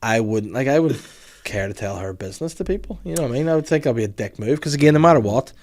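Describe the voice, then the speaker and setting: A man's voice: mid-range voice, animated, fast, darkish tone. Rambling man joking around. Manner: rambling, jokey, lots of "like" and "you know". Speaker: podcast co-host. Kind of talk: crude casual banter.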